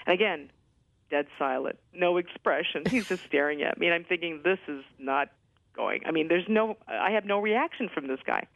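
A middle-aged woman, a guest on a radio interview, telling a personal story in a lively way with many fillers, heard over a phone line. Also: fairly low pitch, normal speed, vocal fry, dry recording. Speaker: guest, former White House physician.

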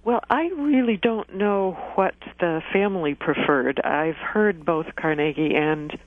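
A woman's voice: medium pitch, animated, a little slow. A woman guest on a radio call-in show, explaining word origins in a patient, scholarly way. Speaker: guest dictionary editor. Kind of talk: radio interview. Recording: tinny phone-line sound.

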